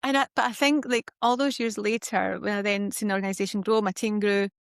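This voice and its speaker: A woman's voice: medium pitch, a little fast, dry recording, clean studio sound. A woman with a Scottish accent, hosting a podcast in casual chat and telling stories animatedly. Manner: animated storyteller who acts out quoted dialogue. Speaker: podcast host.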